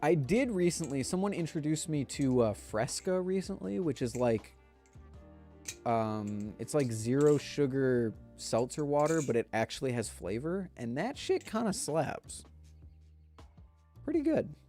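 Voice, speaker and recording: A man's voice: on the high side, big pitch swings, a little slow, mellow, soft background music. A man chatting casually on a live stream, rambling in a laid-back way and speaking straight to his viewers. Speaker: livestreamer.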